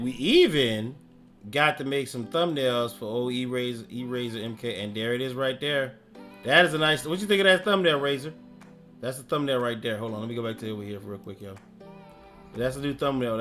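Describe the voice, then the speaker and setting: Man, live streamer, casual commentary, lively swooping voice, faint music behind. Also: medium pitch. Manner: loud, joking, slangy reactions with sudden laughs.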